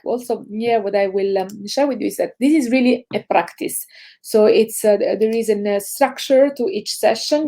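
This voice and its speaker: A woman with an Italian accent, teaching a laughter yoga session over a video call, explaining and leading chanted exercises. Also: a little high. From Italy. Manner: energetic, instructive, chanting ho ho ha ha. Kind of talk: guided group exercise session.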